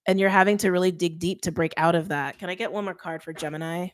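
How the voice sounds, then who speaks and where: A young woman with a slightly low voice reads tarot cards in a loose, conversational way. She talks with emphasis, repeats herself and breaks off mid-thought. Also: fairly even intonation, fast talker, slight background noise. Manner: chatty, emphatic, self-interrupting. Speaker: tarot reader. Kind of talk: casual tarot reading.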